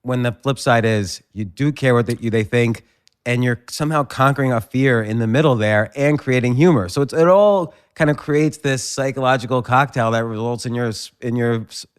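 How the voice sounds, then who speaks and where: A man hosting an interview, reflective and halting, building his questions slowly. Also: mid-range voice, clean tone. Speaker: podcast host, interviewer. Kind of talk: conversational interview.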